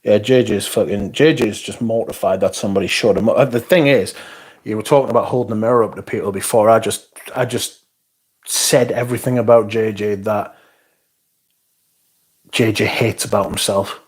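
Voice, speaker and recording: A man's voice: fairly low pitch, fairly even intonation, fairly quick, slightly rough. A man hosting a casual livestream, reading out viewer comments and answering them in a blunt, sweary, sardonic way. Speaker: livestream host.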